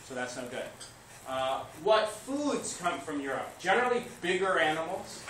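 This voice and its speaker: A man teaching history to a class, lively, asking questions and answering them himself. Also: a little high, normal speed. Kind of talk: classroom lecture. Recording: echoey classroom recorded from far off, noisy.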